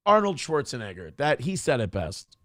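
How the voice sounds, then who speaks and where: A man's voice: mid-range voice, very animated, moderate pace, fairly bright tone, dry recording, studio quality. A man hosting a show, mocking a clip he reacts to in casual, profane commentary.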